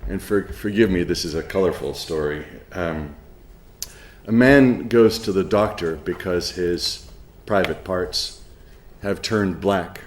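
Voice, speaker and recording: A middle-aged man giving a lecture, halting with many ums and uhs, with a dry sense of humor. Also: deep voice, roomy sound, a little hiss or hum. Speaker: professor giving a conference talk. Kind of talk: spoken lecture with an anecdote.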